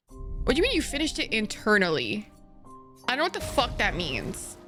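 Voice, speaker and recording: A woman's voice: medium pitch, fairly bright tone. A young woman from Egypt streaming a game and chatting casually with viewers, playful and giggly, swearing freely and using slang.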